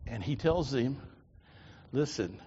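A man preaching a sermon, telling a personal story in a folksy, animated way. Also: mid-range voice, moderate pace, slight background noise. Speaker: preacher giving testimony. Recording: lo-fi reverberant hall.

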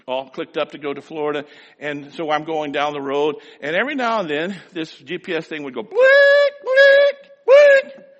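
A bright-toned man preaching in a folksy, storytelling way, his voice swinging up and down as he spins a homespun tale. His words ring out with a long reverb, as if in a large church hall. He turns emphatic when he reads scripture. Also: on the high side. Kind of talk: storytelling sermon.

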